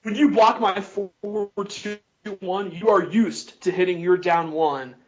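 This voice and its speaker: A blunt, emphatic podcast host with a slightly high voice leads the discussion. His voice comes through a dull, lo-fi recording. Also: fairly even intonation, unhurried. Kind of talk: casual podcast chat.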